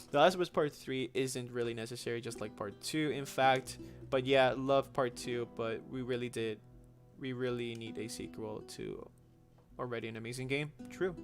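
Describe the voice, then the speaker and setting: A young man with a medium-pitched voice hosts a gaming livestream, casually answering viewer questions. His talk is chatty and slangy, with frequent restarts.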